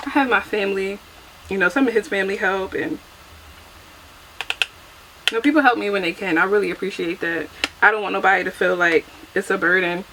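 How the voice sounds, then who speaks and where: A woman's voice: on the high side, fairly bright tone, a little hiss or hum, rough recording. A young adult woman chatting casually through a get-ready-with-me makeup vlog, chatty and self-deprecating, laughing often, recorded on a camera mic at home. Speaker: beauty vlogger.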